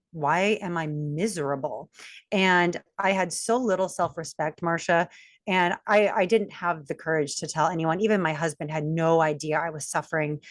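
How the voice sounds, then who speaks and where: A woman's voice: on the low side, no room sound, studio quality. A woman in her forties, a guest coach, telling her life story candidly and acting out the voices she quotes. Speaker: guest, self-mastery coach.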